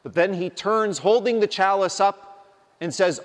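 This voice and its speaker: A man delivers a sermon slowly and deliberately, leaning on his words for emphasis. His voice sits a little high for a man. It rings out with a long hall reverb behind it. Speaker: preacher.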